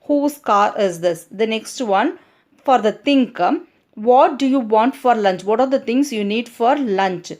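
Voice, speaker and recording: A woman with an Indian English accent teaches a grammar lesson to children. Her voice sits a little high. She goes over each point more than once and keeps asking the children to look at the examples. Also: unhurried, darkish tone. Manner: repeats points, addresses children.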